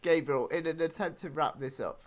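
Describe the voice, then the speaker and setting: A man's voice: fairly high pitch, moderate pace. A man hosting a comedy review podcast, wry and steering the talk along. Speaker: podcast host. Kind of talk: casual review chat.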